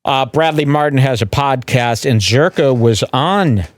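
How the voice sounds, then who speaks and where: A man's voice: medium pitch, measured pace, dry recording. A man hosting a show, giving wry commentary while he plays clips. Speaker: host.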